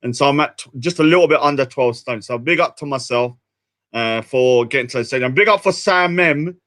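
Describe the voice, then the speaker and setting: Chatty British man, bright voice. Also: mid-range voice, a little fast. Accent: British English. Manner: rambling, self-mocking, chatty. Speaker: livestream host. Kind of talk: casual livestream chat.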